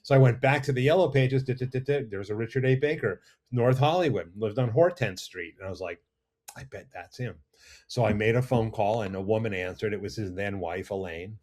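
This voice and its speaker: A middle-aged man, a makeup effects artist, telling animated, rambling stories as a guest in a casual interview. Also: lowish voice, a little fast, few pauses. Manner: animated, rambling anecdotes with restarts. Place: studio or lounge.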